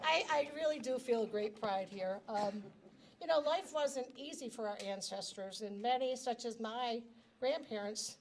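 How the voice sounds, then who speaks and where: A middle-aged woman speaks into a handheld mic at a reception, her voice a little high. She gives a prepared personal speech in a chatty, self-deprecating way, with a faint hiss under her. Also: darkish tone. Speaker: grand marshal giving a speech. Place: reception hall. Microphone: handheld microphone.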